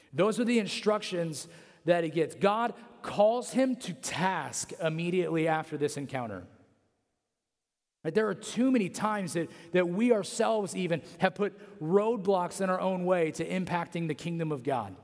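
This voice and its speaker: A man's voice: sits high, lively intonation, moderate pace, darkish tone. A man preaching a casual, conversational sermon full of fillers and repetitions. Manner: conversational, heavy on fillers like 'like'. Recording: long hall reverb.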